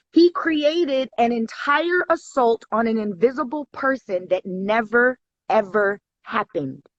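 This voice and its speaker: Her voice is a little high and fairly bright as she tells a story with heat and profanity, a guest in a relaxed chat on a live online video call. The sound is dry and dull, typical of low-fidelity streaming.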